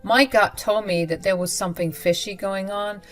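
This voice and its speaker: A woman's voice: mid-range voice, steady tone, moderate pace, faint music behind. A young woman narrating a first-person story with emphatic, dramatic retelling.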